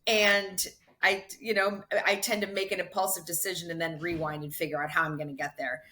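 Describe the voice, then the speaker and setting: A middle-aged woman, a podcast guest, telling her running story in a casual, animated way, laughing often and restarting her sentences. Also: lowish voice, slight background noise. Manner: animated, quick to laugh, self-correcting restarts. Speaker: podcast guest, ultra runner.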